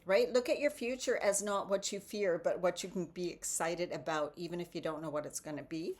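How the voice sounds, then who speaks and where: A woman's voice: fairly low pitch, brisk, a little hiss or hum. A woman hosting a casual motivational morning talk and reading tarot cards, chatty and often adding "right?".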